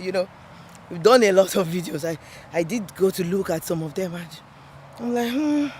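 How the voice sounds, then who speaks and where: A woman reflects aloud to her phone camera as she walks outdoors, speaking earnestly and circling back over her own words with frequent fillers. Faint street ambience and passing cars sit quietly behind her voice. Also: lowish voice, a little hiss or hum. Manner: earnest, repetitive, many "you know" fillers. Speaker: vlogger on a walking challenge. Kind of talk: reflective walking vlog talk. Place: outdoors, walking near a road.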